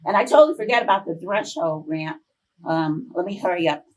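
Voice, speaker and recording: A woman in her fifties, a professor giving a conference talk, telling chatty, animated personal stories to the audience. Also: on the low side, fairly quick, far from the mic, poor audio. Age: 50s. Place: conference room.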